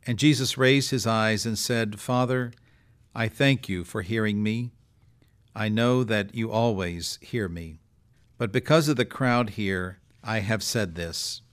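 A middle-aged bishop reads the gospel in a steady, fairly low voice. When he moves on to reflect, he keeps an even, measured delivery and pauses with fillers as he gathers his thoughts. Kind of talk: scripture reading and reflective discussion.

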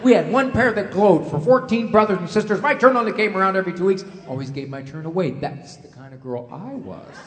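A man voicing a loud, nagging mother who lectures her child without end, in an echoey hall. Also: high-pitched, fairly quick, few pauses, natural voice. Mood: self-pitying boast. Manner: loud, nagging, exaggerated tirade. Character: scolding middle-aged mother, endless lecturer.

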